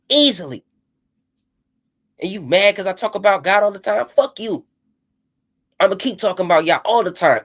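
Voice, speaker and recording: A man sounds off in an impassioned rant, swearing freely and preaching about goals. His delivery is emphatic and defiant, and he keeps checking in with "you know what I'm saying.". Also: sits high.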